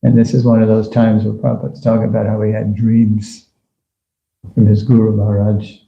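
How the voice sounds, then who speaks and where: A man's voice: on the low side, monotone, brisk, creaky. A man giving a conversational scripture class in a temple, talking casually with fillers and small chuckles. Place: temple hall. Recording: dull, echoey room recording.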